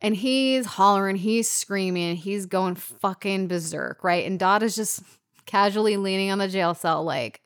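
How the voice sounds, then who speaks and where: A woman co-hosts a casual podcast about a film. She talks in an animated, loose way, swears freely and retells scenes with feeling. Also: medium pitch, unhurried. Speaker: podcast co-host.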